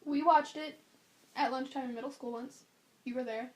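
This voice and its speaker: A young adult woman co-hosting a podcast in casual chat, animated and blunt in her opinions. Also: high voice, moderate pace. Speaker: podcast co-host.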